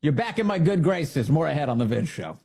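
A man hosting a talk radio show, giving opinionated commentary in an animated, emphatic way with sarcastic asides, on a studio microphone. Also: on the high side, brisk, creaky, music in the background.

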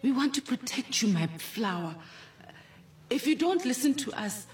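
A woman's voice: high voice, sing-song, normal speed. A woman playing a worried, soothing mother with a South African accent, pleading and consoling. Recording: distant mic, faint music.

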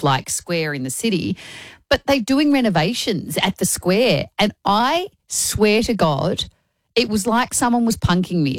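A woman co-hosting a radio show, telling a story in an animated, rambling way from the studio. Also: fairly low pitch, no echo. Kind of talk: breakfast radio chat. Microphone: studio microphone.

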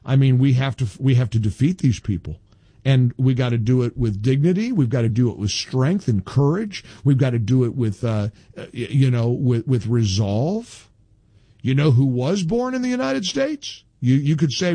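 A husky male radio host with a lively, swooping delivery. He argues hard and repeats his lines for emphasis, speaking close to a dry studio mic. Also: mid-range voice, moderate pace, dry recording. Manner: animated, combative, repeats phrases for emphasis. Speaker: radio talk show host. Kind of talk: talk radio monologue.

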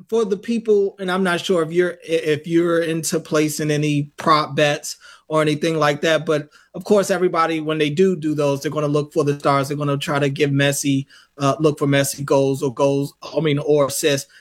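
A male host poses long, winding questions, restarting himself as he goes. His voice sits a bit high. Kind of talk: casual sports talk.

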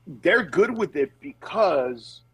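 A middle-aged man talks on a call as a comedian guest. His voice is high for a man and a little husky, and the sound is dry. He tells stories animatedly and slips into put-on voices to act out what people said. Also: slow, dry recording, low-quality recording. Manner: animated storyteller, acts out quoted voices with laughs. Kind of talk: phone interview chat. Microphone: phone line with Bluetooth.

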